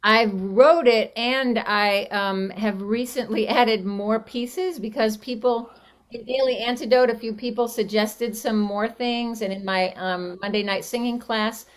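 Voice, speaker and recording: A woman's voice: fairly high pitch, steady tone, unhurried. A woman song leader chatting casually over a video call about a song she wrote, trailing off with fillers. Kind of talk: casual chat after leading a song.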